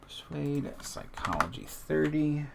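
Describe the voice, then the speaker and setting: Slow, gravelly man thinking aloud. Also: fairly high pitch, very animated, very noisy. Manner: mutters and reads numbers aloud to himself, chatty asides to the stream chat. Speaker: streamer playing a solo tabletop game. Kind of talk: casual thinking aloud while filling in a character sheet.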